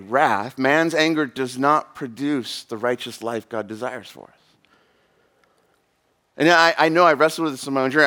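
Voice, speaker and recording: A man's voice: fairly high pitch, fairly bright tone. A man in his thirties preaching a sermon in a casual, rambling way, full of fillers and asides. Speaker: pastor.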